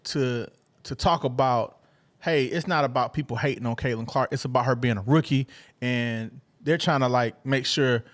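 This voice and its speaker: A man from Atlanta co-hosting a casual sports podcast, talking in an animated way and stammering as he restarts. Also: medium pitch, moderate pace. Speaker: podcast co-host.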